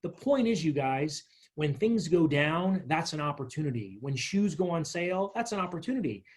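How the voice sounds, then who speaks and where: A man presenting a financial literacy workshop, walking listeners through a workbook in an energetic, chatty way with little stories. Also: a little high, normal speed, slightly rough. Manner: energetic, chatty, tells stories with acted quotes.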